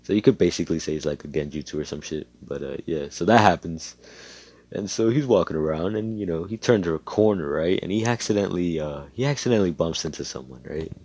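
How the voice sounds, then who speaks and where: Deep-voiced young man rambling a story. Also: a little fast, darkish tone, no room sound. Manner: rambling, profane, full of fillers. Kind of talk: casual improvised storytelling.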